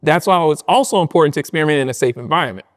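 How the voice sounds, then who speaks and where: A young man in a casual interview, telling animated stories full of slang and acting out what people said to him. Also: on the high side, racing. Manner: animated storytelling, acts out quotes with slang. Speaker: guest, content creator.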